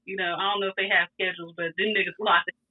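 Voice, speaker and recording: A woman telling a wild story in a casual, animated, profane way, laughing often. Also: fairly low pitch, very fast, breathy edge. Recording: tinny phone-like sound.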